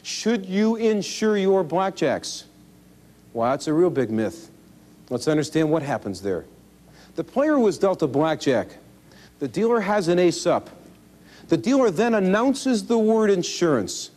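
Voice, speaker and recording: A man teaching card counting in an instructional video, talking in a folksy, animated way with self-deprecating humor. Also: sits high, measured pace. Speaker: blackjack instructor. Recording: 1980s VHS instructional tape.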